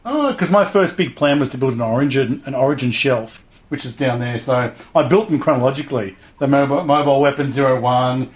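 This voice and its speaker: A man's voice: medium pitch, fairly quick, few pauses. A middle-aged man chatting casually in an interview, rambling enthusiastically and acting out little voices as he talks. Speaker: guest, hobby show host.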